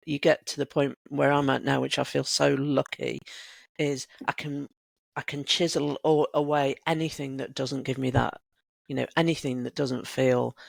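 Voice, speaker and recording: Gravelly low-voiced woman in her sixties. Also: no echo. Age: 60s. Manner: reflective, animated storyteller. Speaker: guest, creative coach. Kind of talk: casual podcast conversation.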